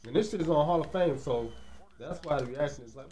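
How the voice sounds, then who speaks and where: A man giving loose, slangy, excitable commentary over a basketball video game, peppering his talk with casual fillers. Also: a little high, a little fast, reverberant, a crowd in the background. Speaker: gaming commentator.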